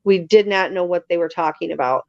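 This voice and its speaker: A woman telling stories as an interview guest in a casual, lively way, acting out other people's lines. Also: on the low side, a little fast, no echo. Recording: slightly dull lo-fi sound.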